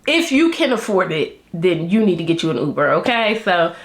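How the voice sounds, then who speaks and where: A woman's voice: lowish voice, very animated, normal speed. A woman vlogger reviewing a reality show, chatting to her viewers in a candid, slangy way and laughing often. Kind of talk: casual chat to camera. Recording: roomy echo.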